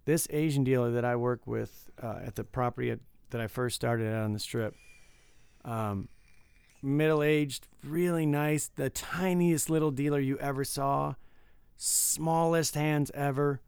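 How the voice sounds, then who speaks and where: A man co-hosting a podcast, telling animated stories about his work as a casino dealer and laughing often. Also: medium pitch, measured pace, creaky, smooth, dry recording. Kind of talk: casual chat.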